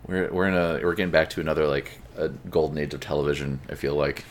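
A man co-hosting a podcast in casual chat, relaxed and wry, dropping the odd joke. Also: a bass voice, fast talker. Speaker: podcast co-host.

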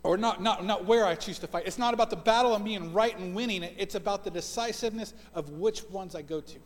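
A man's voice: high voice, fast talker. A man in his forties preaching a sermon as pastor, earnest and often repeating words as he builds a point. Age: 40s. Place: church sanctuary. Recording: long church reverb.

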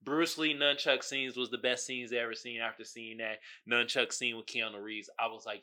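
A man hosting a podcast in casual solo commentary, animated and joking, laughing often, with slangy street talk. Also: mid-range voice, normal speed, hardly any pauses. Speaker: podcast host.

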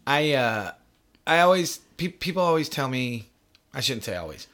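Male podcast host, lively pitch, bright tone, jokey and teasing. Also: normal speed. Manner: joking, teasing, laughs often. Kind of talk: casual chat.

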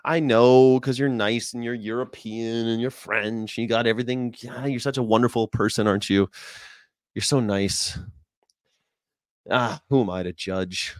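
A man's voice: mid-range voice, steady tone, moderate pace, dry recording. Brash dry-voiced man ranting. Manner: brash, swearing, joking, repeats slogans. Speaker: host reacting to a video. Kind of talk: blunt reaction commentary.

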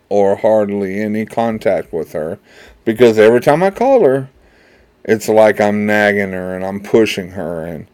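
A man's voice: fairly low pitch, darkish tone. A middle-aged man hosting his own show, talking in a rambling, digressive monologue with wry complaints as a father. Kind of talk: casual monologue.

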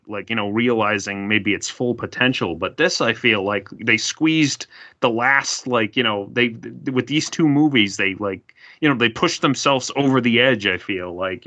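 A man's voice: on the low side, bright, forceful tone. A man co-hosting a casual podcast chat, packing his speech with fillers and the word "like". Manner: filler-heavy, says like constantly. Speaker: podcast co-host. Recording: dull lo-fi sound.

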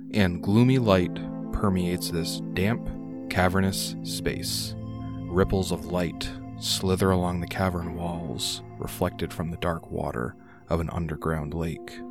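A man narrating as game master, reading room descriptions with frequent "uh" hesitations. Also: low-pitched.

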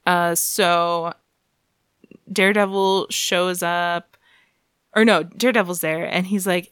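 Woman podcast co-host, low-ish voice, dry close sound, chatty recap full of laughs and swearing. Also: steady tone, takes it slowly, pauses often, fairly bright tone, smooth, no echo. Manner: laughing, profane, joking asides. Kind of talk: casual recap chat.

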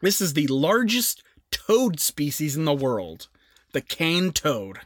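A young man co-hosts a podcast, sharing facts in relaxed conversation spiced with jokes and self-aware asides. His voice runs fairly high and very animated yet unhurried, captured in a dry, studio-quality recording.

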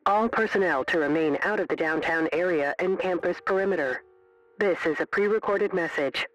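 A reader voicing a cold automated male broadcast heard over a broken radio transmission, delivered as a flat announcement. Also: on the low side, moderate pace, no room sound, soft background music. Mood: announcing. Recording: muffled distant radio.

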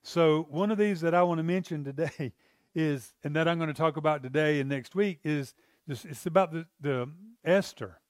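A man's voice: fairly high pitch, no echo, clean studio sound. A man preaching a sermon in a conversational way, asking the listeners rhetorical questions and often restarting his phrases.

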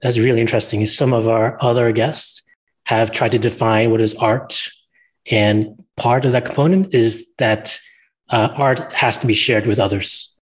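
A man's voice: mid-range voice, fairly even intonation, normal speed, slightly rough. A man co-hosting an interview podcast, asking questions in a wry, reflective way. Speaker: podcast co-host. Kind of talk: casual conversation.

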